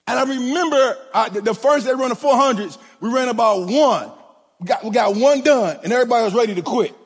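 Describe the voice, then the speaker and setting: A middle-aged man preaches with a strikingly high voice, his lines rising and falling in a sing-song cadence. He stumbles and repeats words as he goes. His voice rings out with a long reverb, as in a large hall. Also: quick pace, breathy edge. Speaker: preacher and track coach. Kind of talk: sermon.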